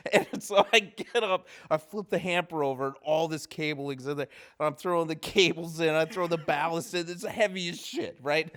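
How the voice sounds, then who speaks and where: A man's voice: fairly high pitch, moderate pace, few pauses, a bit bright. A man, a film-set grip, telling a long anecdote on a casual podcast, laughing often. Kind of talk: casual storytelling chat.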